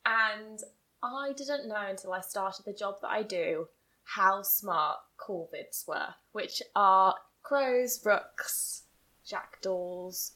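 A young woman co-hosting a casual podcast chat, giggly, chatty and animated. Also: mid-range voice, slow, rough recording. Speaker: podcast co-host.

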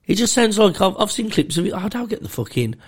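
A man's voice: high voice, very animated, fast talker, crowd noise. A man on a podcast, swearing and joking in casual banter. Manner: sweary, jokey, laughs a lot. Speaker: podcast co-host.

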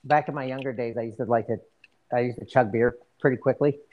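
A man's voice: medium pitch, steady tone, fast talker, narrow, tinny audio. A middle-aged man co-hosting a podcast, chatting casually and telling easygoing, laughing anecdotes. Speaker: podcast co-host. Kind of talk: casual chat.

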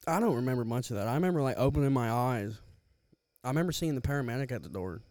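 Young man, podcast co-host, loose and profane, mid-low voice, dry close sound. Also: lively intonation, fast, a little mellow, no echo. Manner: loose, profane storytelling, laughs often. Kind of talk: casual storytelling chat.

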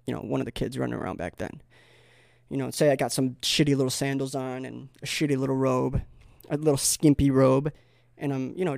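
A man's voice: medium pitch, vocal fry, a little mellow, no echo, clean studio sound. A man talking to camera in a rambling, comedic vlog, full of fillers and digressions, with bursts of mock-insulting sarcasm. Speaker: vlogger.

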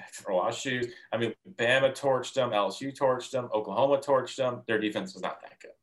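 Dude on a sports podcast giving his picks, average pitch, trips over words a bit. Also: a little fast. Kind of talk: casual chat.

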